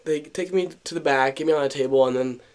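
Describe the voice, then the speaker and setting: A man's voice: a little high, quick pace, darkish tone. A young man co-hosting a podcast, telling a story in casual chat, acting out what people said, with many fillers and restarts. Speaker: podcast co-host.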